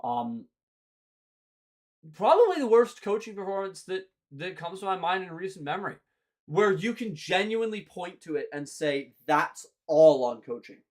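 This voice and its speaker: Young man, hockey host, exasperated rant, sarcastic, very animated pitch. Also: normal speed. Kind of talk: ranting sports commentary.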